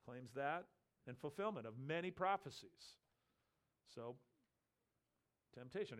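A man's voice: medium pitch, normal speed, long pauses. A man preaching an expository sermon, explaining a Bible passage and briefly acting out the voices he quotes. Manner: animated teaching, acts out quoted voices.

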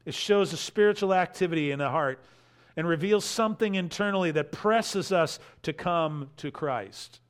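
A man preaching an expository sermon, emphatic, repeating key phrases and swinging between loud stresses and quiet asides. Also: on the high side, normal speed. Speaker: pastor.

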